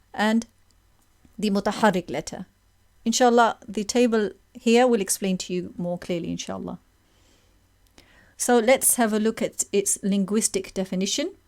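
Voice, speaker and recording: Woman teacher, patient explainer, mid-pitched voice, recites examples between explanations. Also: a little mellow. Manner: patient, explaining slowly and demonstrating sounds. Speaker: tajweed teacher. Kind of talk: online lesson with recitation examples.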